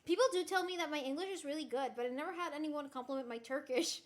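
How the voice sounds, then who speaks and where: Bright high-voiced woman streamer, echoey. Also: brisk. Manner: rambling, trailing off with frequent "like". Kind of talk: casual chat. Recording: echoey room.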